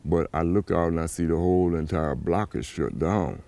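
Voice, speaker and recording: A man's voice: sits low, moderate pace, vocal fry. A father telling his own story in an interview, acting out past dialogue with animation. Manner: animated, acts out dialogue in a raised voice. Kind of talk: personal account.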